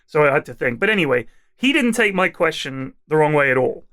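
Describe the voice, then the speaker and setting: A man's voice: on the high side, big pitch swings, brisk, fairly bright tone. A middle-aged man chatting casually as a podcast co-host, rambling through a story and swearing freely.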